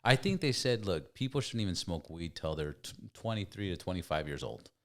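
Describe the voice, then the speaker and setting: A man hosting a podcast in a casual debate, talking in an animated way, swearing often and repeating words as he stumbles. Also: sits low, a little fast. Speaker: podcast host.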